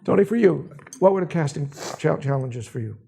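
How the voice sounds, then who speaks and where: A man moderating a panel discussion, asking halting, stammering questions. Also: a little high, expressive, creaky, dark tone, slightly rough.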